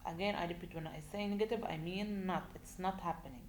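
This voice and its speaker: Low-voiced woman teaching slowly. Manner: slow, deliberate, repeats and asks rhetorical questions. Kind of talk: recorded grammar lesson. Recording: echoey room with faint noise.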